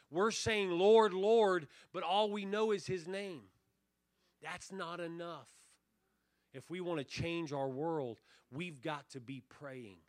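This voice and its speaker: Pastor at a revival, man with a higher, sharp, ringing voice, dry close sound, earnest preaching that dips quiet then swells. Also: dry recording. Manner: earnest preaching, drops to near-hush then swells on key phrases. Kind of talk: revival sermon. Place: church revival service.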